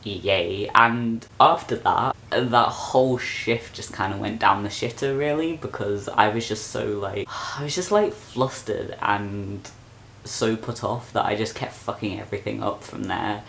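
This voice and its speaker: A man's voice: lowish voice, unhurried, creaky, fairly bright tone, a little hiss or hum. A young man, talking straight to camera in an exasperated, sweary rant for his vlog. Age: young adult. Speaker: vlogger.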